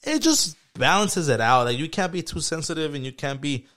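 A man's voice: on the high side, animated, fairly quick, bright, forceful tone. A young man co-hosting a casual podcast chat, slangy and profane, rambling as he tells work stories. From Mexican heritage. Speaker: podcast co-host.

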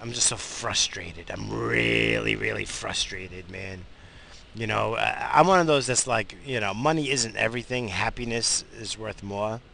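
A man's voice: lowish voice, a little slow, gravelly, bright, forceful tone, a little hiss or hum. A tired man hosting his own show, talking in a casual, rambling way with many restarts and fillers while driving. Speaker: podcast host. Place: in a car, driving.

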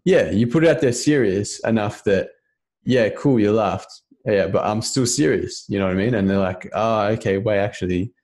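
Earnest low-voiced man, casual chat. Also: moderate pace, a little mellow. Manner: earnest, loose, keeps asking "you know what I mean".

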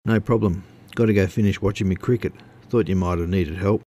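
A man's voice: sits low, fairly even intonation, dark tone. A man voicing an offhand neighbor. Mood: easygoing. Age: 70s. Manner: quick, offhand. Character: scrawny old neighbor, laconic and easygoing.

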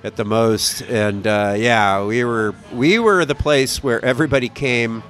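A man's voice: mid-range voice, measured pace, a bit bright, faint music behind. A man from the American Midwest, co-hosting a casual podcast chat and telling long, rambling stories full of swearing. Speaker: podcast co-host.

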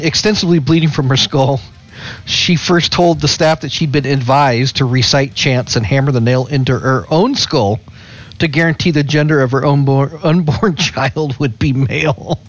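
A man co-hosting a casual podcast, reading news articles aloud and often laughing as he goes. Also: medium pitch. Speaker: podcast co-host. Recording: dull lo-fi sound with faint music.

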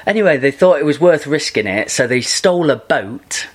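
A man's voice: a little high, lively intonation, moderate pace. Guy on a podcast, super enthusiastic, rambles on and laughs a lot. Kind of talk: casual podcast chat.

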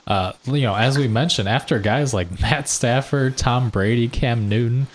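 A man's voice: mid-range voice, moderate pace, slight background noise. Laid-back man co-hosting a sports podcast. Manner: loose, laughing, joking banter. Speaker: podcast co-host. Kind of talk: casual sports podcast chat.

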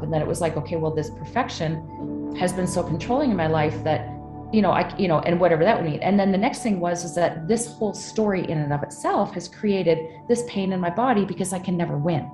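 A woman's voice: lowish voice, quick pace, echoey room, music in the background. A middle-aged woman telling a personal story with candid emotion, swearing freely. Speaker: guest.

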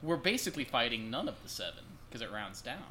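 Male player, joking, very animated pitch, crowd noise behind. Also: quick pace. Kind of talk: tabletop role-play over voice chat.

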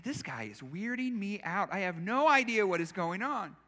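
High, bright-voiced pastor telling stories. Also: male voice, big pitch swings, normal speed. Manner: conversational, self-deprecating storyteller. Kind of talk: storytelling sermon. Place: church.

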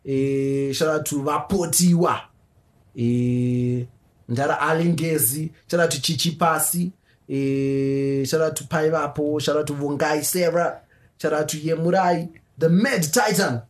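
A man with a Zimbabwean accent co-hosting a casual podcast, animated and laughing as he reads shout-outs. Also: fairly high pitch, measured pace. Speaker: podcast co-host. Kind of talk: casual chat.

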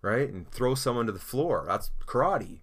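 A man's voice: medium pitch, big pitch swings, normal speed, fairly bright tone. Man voicing an impatient young karate student.

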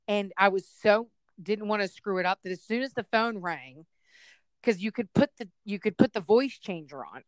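Smooth-voiced woman telling stories animatedly. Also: mid-range voice, no room sound. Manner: animated, does loud voices of family members in her stories. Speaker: podcast co-host. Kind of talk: casual storytelling chat.

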